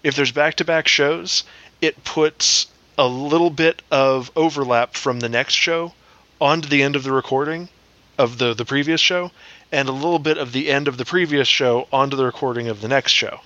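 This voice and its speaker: Wry bright-voiced man explaining. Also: mid-range voice, moderate pace, no room sound, highs cut off. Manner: wry, deadpan quips. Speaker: podcast co-host. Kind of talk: casual chat.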